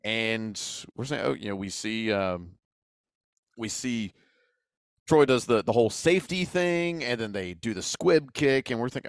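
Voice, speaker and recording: A young man, a team's radio voice, chatting casually and retelling a game with lively acted-out quotes. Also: mid-range voice, unhurried, no room sound, clean studio sound. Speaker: play-by-play voice of a college football team. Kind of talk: casual storytelling chat.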